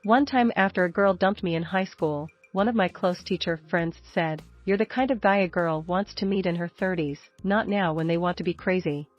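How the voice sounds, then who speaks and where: A woman with a fairly low voice reads story posts in a steady, even manner. The recording is dull and lo-fi, with faint music underneath. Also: normal speed, few pauses. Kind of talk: scripted narration of reader posts.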